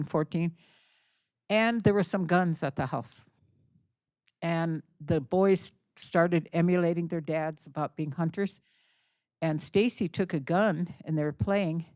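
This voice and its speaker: Older lady telling a story to an auditorium, lowish voice, earnest, acts out the lines. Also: darkish tone, no echo, clean studio sound. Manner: earnest, vivid storyteller acting out dialogue. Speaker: guest speaker. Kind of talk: storytelling talk to an audience. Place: college auditorium.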